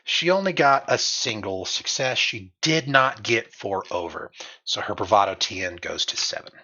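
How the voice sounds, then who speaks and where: A man narrating a tabletop game as game master, goofy and animated, laughing between lines. His voice is husky and bright and swings widely in pitch. The mic sounds a bit dull and lo-fi. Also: moderate pace.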